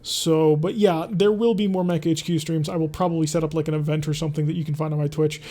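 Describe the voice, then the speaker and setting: A man's voice: a little high, steady tone, quick pace, mellow. A man streaming a strategy game, chatting casually, answering viewers' questions and talking through his choices as he plays. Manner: chatty, reads and answers chat while playing.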